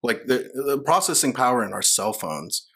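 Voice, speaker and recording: A man's voice: medium pitch, sing-song, normal speed, bright, forceful tone, breathy edge. A man in casual podcast chat, swearing often and getting riled up.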